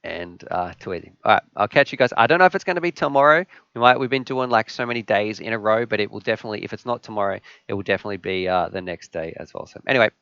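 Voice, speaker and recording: A man's voice: fairly low pitch, very fast, hardly any pauses, pushed and bright, clean tone, no room sound. A man hosting a live stream, telling a joke and chatting with viewers in a rambling, jokey way. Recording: slightly dull, dry sound.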